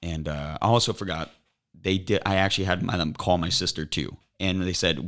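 A very low-voiced young man speaks as a podcast guest, slowly and earnestly recounting a personal ordeal. He halts and restarts his sentences as he goes. His tone is deep and grounded. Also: fairly even intonation, a bit bright. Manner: earnest, halting retelling with repeated restarts. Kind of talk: emotional personal storytelling.

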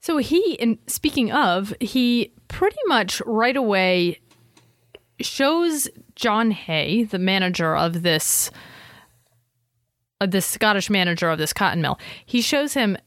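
A woman co-hosting a casual history podcast, animated, often reading quotations aloud with quick asides. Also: medium pitch, no room sound. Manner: animated, quotes sources aloud, fast asides. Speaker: podcast co-host. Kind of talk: casual conversational history chat.

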